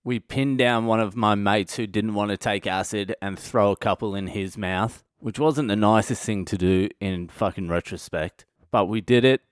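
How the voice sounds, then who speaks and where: A man's voice: on the low side, clear, resonant tone, dry recording, studio quality. Sweary man telling a story. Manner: sweary, animated anecdote-telling. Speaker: comedian podcast host. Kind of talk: casual storytelling monologue.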